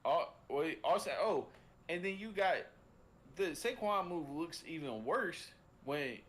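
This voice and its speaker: A man's voice: fairly high pitch, expressive, takes it slowly, slight background noise. A man co-hosting a sports podcast, talking casually with many restarts and fillers, sometimes swearing. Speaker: podcast co-host.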